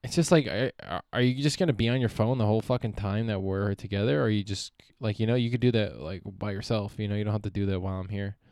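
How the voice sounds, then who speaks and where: A man's voice: lowish voice, fast talker, hardly any pauses, darkish tone, no room sound, studio quality. A young man hosting a solo podcast, rambling and swearing freely, often trailing off and restarting. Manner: profane, meandering, self-interrupting. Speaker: podcast host.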